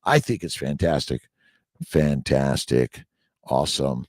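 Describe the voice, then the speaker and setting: A middle-aged man hosting a casual live-stream chat, reading viewer comments aloud in an upbeat, exclamatory way that swings between loud bursts and low murmurs. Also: lively intonation, normal speed, vocal fry, no room sound, studio quality.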